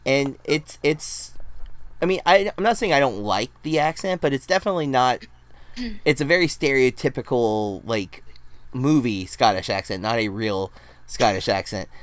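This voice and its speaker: A man co-hosting a relaxed podcast conversation, often pausing on ums and circling back to finish his thoughts. His voice sits in an ordinary middle register, and the recording is dry, with no room sound at all. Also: medium pitch, dry recording. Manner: hesitant, many ums and restarts. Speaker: podcast co-host. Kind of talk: casual chat.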